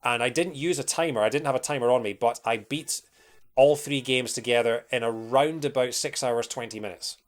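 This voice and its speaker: Streaming a game, a young Scottish-accented man keeps up a rambling, casual chat full of fillers. His voice is medium in pitch and his delivery brisk.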